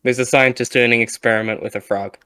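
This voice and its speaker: A man's voice: mid-range voice, steady tone, fast talker, clean tone, no echo. Casual male co-host, storytelling energy, dry close mic. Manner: playful storyteller, shouting the quoted lines. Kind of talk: casual gaming chat, telling a joke.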